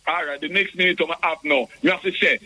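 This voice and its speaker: A man's voice: a little high, steady tone, brisk, bright, forceful tone. A man with a Jamaican accent calling in to a radio show, rambling and repeating himself with many stumbling restarts, heard over a tinny phone line. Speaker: radio call-in caller. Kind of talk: rambling phone-in chat in patois.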